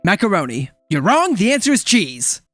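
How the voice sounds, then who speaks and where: A man's voice: sits high, sing-song, sharp tone, faint music behind. A male YouTube host reading out viewer comments in a chatty, playful way on a studio microphone. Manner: chatty, playful, quick reactions.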